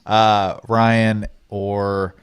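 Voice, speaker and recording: A man co-hosting a gaming podcast in casual chat, talking in a relaxed, hesitant way with fillers. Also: on the low side, drawn-out words, smooth. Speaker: podcast co-host.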